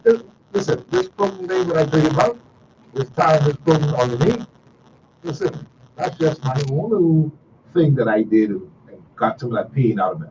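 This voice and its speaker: Middle-aged man, radio call-in host, folksy and repetitive, lively pitch, distant dull recording with hiss. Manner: animated, repetitive, folksy storytelling. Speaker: radio talk show host. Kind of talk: casual call-in radio talk.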